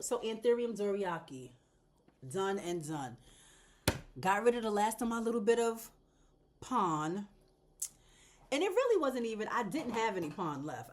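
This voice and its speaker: A woman hosting a casual plant vlog at home, chatting away while she repots, laughing and talking straight to her viewers. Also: fairly low pitch. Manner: animated and talkative, laughs and addresses viewers directly. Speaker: plant vlogger, channel host.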